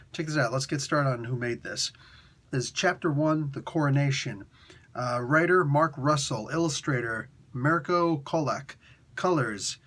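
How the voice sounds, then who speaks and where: A man's voice: mid-range voice, fairly bright tone. A man casually reviewing a comic book in a laid-back, slangy, rambling way.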